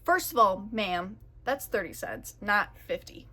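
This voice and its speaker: Bright-voiced young woman ranting. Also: mid-range voice, animated. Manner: profane, exasperated, quick to vent. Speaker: vlogger telling a story. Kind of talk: casual storytime rant.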